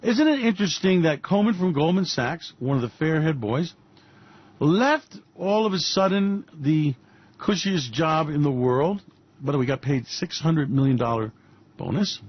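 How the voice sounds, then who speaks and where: A man's voice: fairly high pitch, expressive, unhurried, husky, muffled recording. A man hosting a radio show, giving fiery, mocking commentary on politics and finance with repeated punchlines. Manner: ranting, mocking, repetitive punches.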